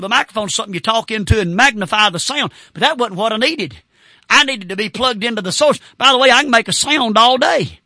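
A man preaching a sermon as a Baptist pastor, fervent, with shouting bursts and whoops. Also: high voice, dry recording, clean studio sound.

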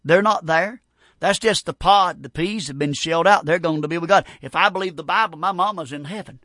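A middle-aged man preaching a sermon, folksy and emphatic, moving from loud declarations to quiet personal asides. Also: on the high side, fairly quick, no echo, studio quality. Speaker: pastor.

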